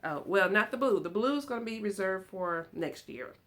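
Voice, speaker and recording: A woman vlogging from her lounge room at home, chatting excitedly and giggling as she talks to her viewers. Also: medium pitch, moderate pace. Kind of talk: casual chat to viewers.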